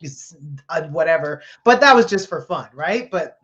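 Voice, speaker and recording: A woman guest, a comedian, telling a funny story in conversation with lively laughter. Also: low voice, normal speed. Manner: animated, laughing as she tells the story. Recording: slightly dull lo-fi sound.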